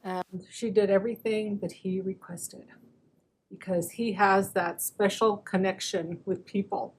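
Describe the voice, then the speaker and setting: A woman's voice: medium pitch, fairly even intonation, a little slow, darkish tone, a little hiss or hum. Woman, council member, tribute speech, emotional, storytelling, earnest.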